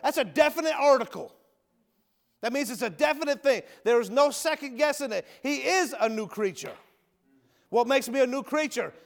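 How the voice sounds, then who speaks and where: Man preaching in church, high voice, loud then real quiet, calls everyone brother, big echo. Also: animated, moderate pace, creaky. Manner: swings from loud emphatic shouts to low near-whispers; folksy, calls listeners brother and my friend. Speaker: preacher, ex-convict prison minister. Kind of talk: sermon with testimony. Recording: long hall reverb.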